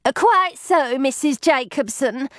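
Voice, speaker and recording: A woman's voice: high voice, expressive, unhurried, a bit bright, dry recording, studio quality, voice pushed up. A woman doing a timid, stammering servant boy. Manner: hesitant and stammering. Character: timid dim-witted young servant boy.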